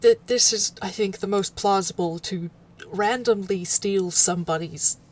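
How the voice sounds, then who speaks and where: A woman playing a tabletop role-play, talking hesitantly with many pauses and fillers. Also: medium pitch, a little hiss or hum. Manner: hesitant, lots of ums and trailing off. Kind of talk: casual in-character role-play chat.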